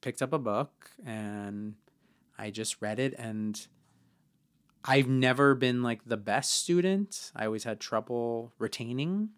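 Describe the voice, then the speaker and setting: With a clean tone and a slow pace, a man co-hosting a podcast talks through a story from his life. It's a chatty, filler-packed telling, and he mimics quoted speakers in higher voices.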